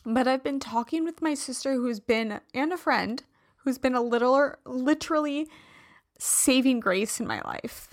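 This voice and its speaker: Slow, candid woman podcaster. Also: high voice, no echo, studio quality. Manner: candid, emphatic, confessional. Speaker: podcast host. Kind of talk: personal storytelling monologue.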